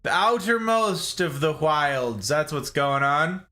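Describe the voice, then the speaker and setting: A man's voice: fairly high pitch, animated, takes it slowly, bright, forceful tone. A man streaming a game live, chatting casually and bantering with his viewers, laughing often.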